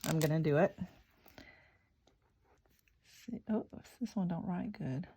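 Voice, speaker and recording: A woman talks slowly through her craft project in a casual vlog, thinking aloud as she goes. Her voice is gravelly and mellow, sitting a little low, and now and then she drops to a soft whisper to spell out letters. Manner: slow, chatty, thinking aloud while working. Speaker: craft channel host.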